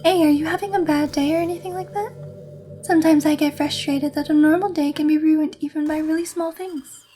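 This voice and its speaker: A woman's voice: high-pitched, steady tone, brisk, soft background music, natural voice. A woman reading as a sweet, intense schoolgirl. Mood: affectionate. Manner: soft, affectionate reading of game dialogue. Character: sweet, intense teenage girl club president. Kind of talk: reading visual novel lines aloud.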